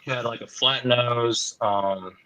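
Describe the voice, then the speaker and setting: A man telling a woodland encounter story on a podcast, halting and full of fillers, sometimes choked up and dropping quiet. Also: mid-range voice, steady tone, no echo, low-quality recording. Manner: halting, frequent "like" fillers, drops to quiet asides.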